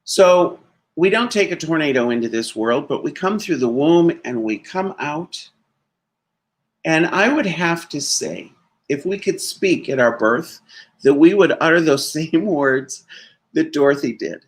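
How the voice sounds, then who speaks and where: Higher-pitched man telling a sermon story. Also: lively intonation, a little slow. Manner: conversational storytelling with light laughs. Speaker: minister.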